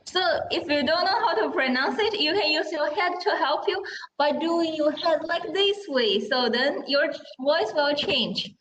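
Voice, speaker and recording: A woman leads a language class in a roomy, echoing space. She speaks a little high and stays patient. She demonstrates sounds slowly for students to copy and keeps checking in with a gentle "okay?". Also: expressive, muffled recording, noisy background. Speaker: Mandarin teacher. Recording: roomy echo.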